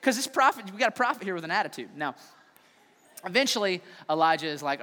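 A man preaching a sermon, telling a story with animated, playful voices. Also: high-pitched, quick pace. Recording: long hall reverb.

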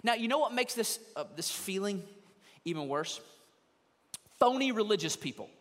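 Preaching from a church stage in a sanctuary that also streams online, a male pastor keeps his sermon conversational and drops into the voices of churchgoers as he quotes them. His voice sits high and is animated and a bit bright, at a moderate pace. A long reverb tail follows his words.

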